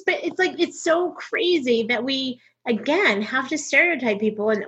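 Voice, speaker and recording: A woman's voice: high voice, normal speed, hardly any pauses, breathy edge, lo-fi sound. A middle-aged woman from North Texas, a comedian and voice actor, talking candidly in an interview and acting out other people's lines as she tells her stories. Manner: animated storyteller who acts out other people's lines.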